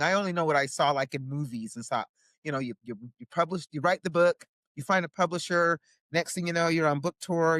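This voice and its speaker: A woman with a low voice, recorded dry with clean studio sound, is an indie author and publisher telling her story as a guest in a casual interview. She's animated, acts out quoted voices, and often tags lines with "right?".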